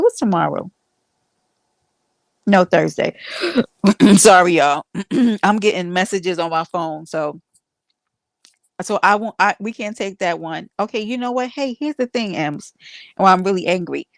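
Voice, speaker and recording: A woman's voice: lowish voice, expressive, normal speed, vocal fry, pauses often, no room sound. A woman hosting a casual livestream, chatting with viewers and teasing them with playful mock outrage. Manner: rambling with restarts and fillers. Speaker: livestream host.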